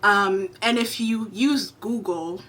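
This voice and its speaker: Bright, blunt woman ranting to camera. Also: medium pitch, slow. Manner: blunt, exasperated, swears freely. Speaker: commentary vlogger. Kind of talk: opinionated commentary to camera. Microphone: camera mic.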